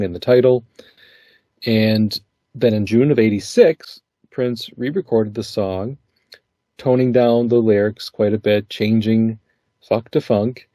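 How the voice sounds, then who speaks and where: A male podcast host with a low, mellow voice, laughing easily and talking in a loose, conversational way. The sound is close and dry, with no room around it. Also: dry recording. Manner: laughs often, relaxed conversational delivery. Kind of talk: casual podcast chat.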